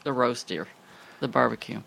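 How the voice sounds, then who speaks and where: A woman's voice: a bass voice, normal speed, creaky, fairly bright tone. A woman co-hosting a casual chat, reading event listings and teasing her partner, laughing easily. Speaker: co-host.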